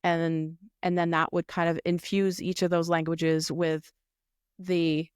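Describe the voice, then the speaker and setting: A woman co-hosting a casual show recap, explaining her views in a thoughtful, measured way. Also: fairly low pitch, flat delivery, clean tone, dry recording, studio quality. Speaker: recap podcast co-host. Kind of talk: casual chat reviewing a reality show.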